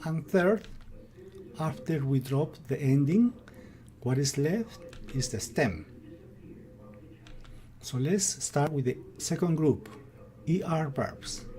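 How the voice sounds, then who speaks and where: A man with an Ecuadorian Spanish accent teaching a grammar lesson, reading out verb lists in a slow, deliberate manner. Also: a little high, expressive, mellow. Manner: slow, deliberate, drills word lists aloud.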